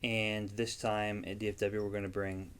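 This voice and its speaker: A man chatting as a guest in a relaxed interview. His voice sits a little low, and he talks in an easygoing, plain-spoken way, pausing often with ums as he goes. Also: smooth. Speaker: yarn dyer and guest vendor. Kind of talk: casual interview chat.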